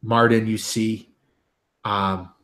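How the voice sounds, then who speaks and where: A man narrating as game master of a tabletop game, halting with frequent ums and restarts. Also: fairly low pitch, level tone, a bit bright.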